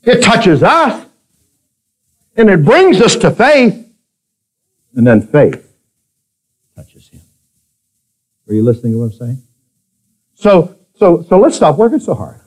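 A man preaching a sermon to a congregation, moving between quiet asides and emphatic exclamations. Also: huge pitch swings, measured pace, pauses often, poor audio. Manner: preaching, swings between soft asides and loud high exclamations. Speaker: pastor. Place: church with a congregation.

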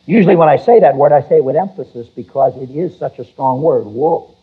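Husky-voiced male pastor, emphatic sermon, lo-fi phone-like sound. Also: fairly high pitch. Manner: emphatic preaching, rises loud on key words, reads scripture slowly. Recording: tinny phone-like church recording.

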